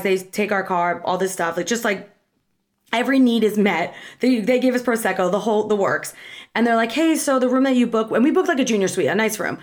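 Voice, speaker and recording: A young woman telling a travel story in a casual, bubbly, chatty way, acting out bits of dialogue. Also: medium pitch. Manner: bubbly and chatty, lots of fillers and quoted dialogue. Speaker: vlogger.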